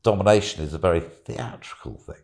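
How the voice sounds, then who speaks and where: A man's voice: sits low, a little fast, gravelly, darkish tone. A man and podcast guest telling a casual, rambling story, chuckling and dropping plenty of "you know"s.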